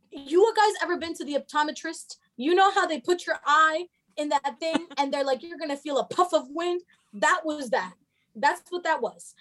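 High-voiced sassy young woman storyteller. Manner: animated, profane, sassy. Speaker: storyteller guest. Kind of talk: casual storytelling chat.

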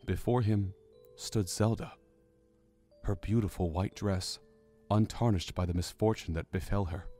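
A man narrating a fantasy audiobook in measured, descriptive storytelling. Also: sits low, fairly even intonation, mellow. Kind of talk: scripted narration. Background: faint music.

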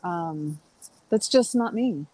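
Low-voiced woman telling rambling stories. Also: expressive, slow pace, dark tone, rough recording. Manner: rambling storyteller, many restarts and fillers. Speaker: guest. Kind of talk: casual podcast conversation.

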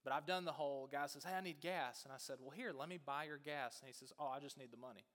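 Male pastor, casual storyteller, higher voice, church-hall reverb. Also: fast talker. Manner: chatty, animated storyteller, lots of fillers.

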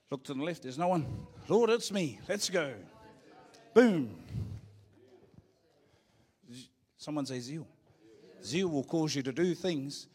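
A man's voice: a little high, husky. A middle-aged man with a New Zealand accent preaching a sermon in a church, joking and calling out to the congregation. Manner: joking, playful preaching with call-and-response. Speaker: pastor.

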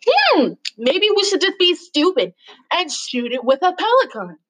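A woman's voice: very high-pitched, huge pitch swings, a little slow, fairly bright tone, poor audio. A woman hosting a casual video, reading out stories and commenting on them in a mocking, exasperated way, sometimes stumbling over the text. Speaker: host reading out lawsuit stories.

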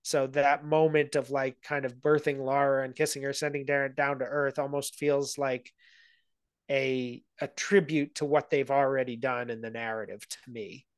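A man's voice: medium pitch, level tone, normal speed, clear, resonant tone, dry recording. Man, guest film analyst, thoughtful and rambling delivery, dry close sound. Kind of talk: casual conversation.

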